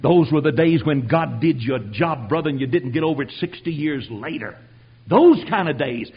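An older man preaching his own testimony, telling it dramatically and swinging from hushed tones to shouting. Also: on the high side, animated, moderate pace, husky, highs cut off. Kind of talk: sermon testimony.

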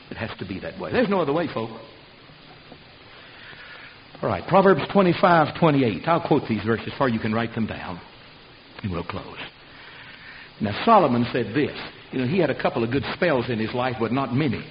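A man's voice: fairly high pitch, sing-song, a little fast. Older male preacher, folksy fire-and-brimstone delivery, muffled hissing recording. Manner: folksy, fiery, preaching with sudden loud shouts. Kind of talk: sermon. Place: church service. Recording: dull lo-fi recording with hiss.

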